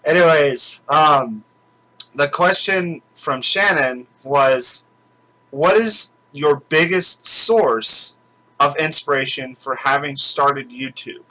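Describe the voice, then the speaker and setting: Bright-voiced man rambling through a vlog. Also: a little high, slow pace, low-quality recording. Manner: rambling, with many fillers and restarts. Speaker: channel host. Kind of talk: casual chat.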